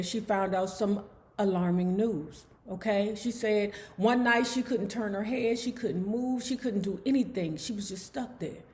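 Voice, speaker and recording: A woman with a Southern US accent hosting a book club, reading a memoir aloud and breaking into loud, animated, casual commentary. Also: mid-range voice. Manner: switches between soft reading and loud animated asides.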